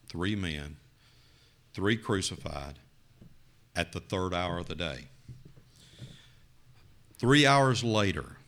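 A man preaching a sermon, telling a story with dramatic rises and quiet drops. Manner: dramatic, rising to loud emphasis then dropping low.

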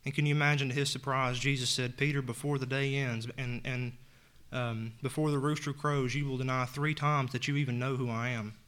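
Male preacher, mid-pitched, earnest sermon delivery, scripture reading. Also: fairly even intonation, brisk, fairly bright tone. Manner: earnest, reads scripture aloud and retells it in plain words.

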